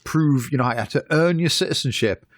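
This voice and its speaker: A man's voice: on the high side, fairly quick, a bit bright, dry recording, clean studio sound. A man on a podcast, ranting in a sweary, self-mocking way during casual chat. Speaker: podcast co-host.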